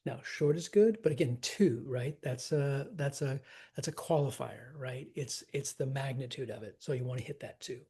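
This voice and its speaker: A man teaching how to scan verse, relaxed and encouraging as he talks through examples. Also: medium pitch, moderate pace, slightly rough.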